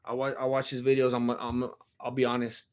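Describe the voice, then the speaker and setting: A man's voice: medium pitch, monotone, brisk. A man streaming live, chatting to his audience in a rambling, self-deprecating, laid-back way. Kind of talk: casual live-stream chat.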